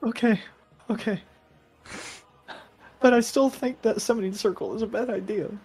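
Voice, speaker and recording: Timid, tearful companion, high and whiny, voiced by a man. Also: steady tone, moderate pace, darkish tone, breathy edge. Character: timid, sensitive male companion easily hurt.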